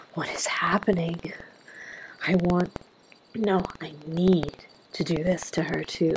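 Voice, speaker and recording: A woman narrating an intimate first-person story in a soft voice that often slips into a whisper. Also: deep voice, creaky, a little hiss or hum, low-quality recording.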